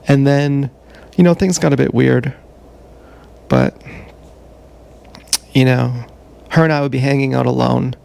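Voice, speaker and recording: Gravelly man telling a blunt confessional story. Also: mid-range voice, fairly even intonation, darkish tone. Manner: blunt, profane, halting with many fillers. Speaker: livestreamer. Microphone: action camera.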